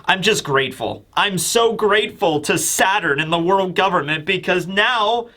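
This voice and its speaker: A soft-spoken, resigned giant of a father, as a man puts him on, quietly accepting his fate. The voice sits lower and gentler than the narrator's usual tone. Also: expressive, normal speed. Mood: grateful.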